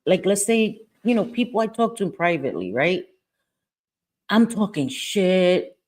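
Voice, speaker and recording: Her voice sits fairly low, and she speaks unhurriedly and expressively while hosting a laid-back livestream over a webcam microphone. Frank and foul-mouthed, she keeps repeating herself and breaking into laughter.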